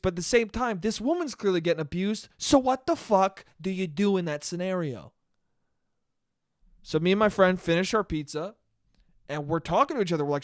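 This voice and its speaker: A high-pitched man tells a rambling story on his solo podcast, swearing a lot and repeatedly restarting his sentences. The sound is clean studio audio with no echo.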